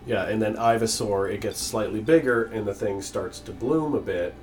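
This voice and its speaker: A man co-hosting a gaming podcast in casual chat. His voice is low, and his talk is loose and goofy, full of restarts and tangents, with faint music behind. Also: normal speed, recorded from a distance. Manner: rambling, goofy, stumbles and restarts. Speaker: podcast co-host.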